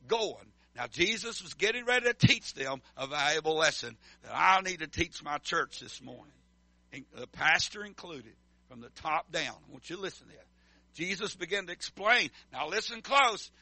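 A man's voice: high-pitched, pushed and bright, dry recording. A middle-aged man preaching a sermon as pastor, calling for responses from the congregation. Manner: emphatic call-and-response preaching.

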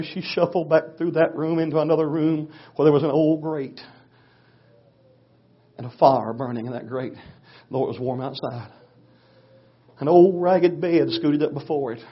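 Husky preacher telling a story. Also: male voice, fairly high pitch. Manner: folksy, swings from hushed to loud. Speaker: pastor. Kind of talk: storytelling sermon. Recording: dull lo-fi recording.

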